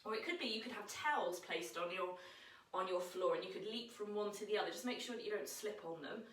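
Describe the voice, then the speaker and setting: A woman leading a children's yoga lesson, gentle and encouraging, telling a playful story as she guides the moves. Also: mid-range voice, fairly quick, roomy sound, far from the mic, slight background noise, poor audio.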